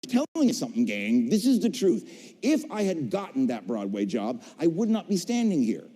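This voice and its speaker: A middle-aged man telling his career story on a convention stage, an animated storyteller who acts out voices and jokes. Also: a little high, moderate pace, slightly rough. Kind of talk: stage talk to a convention audience. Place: large convention hall stage. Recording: long hall reverb.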